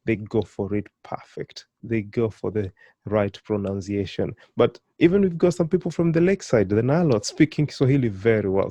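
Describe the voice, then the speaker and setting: A man whose first language is Swahili, teaching a beginners' language lesson. He speaks slowly over the example sounds and keeps inviting the learner to repeat and praising them. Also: medium pitch, dark tone, no room sound. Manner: encouraging, prompts learners to repeat, praises often; slow, carefully stretched model pronunciations.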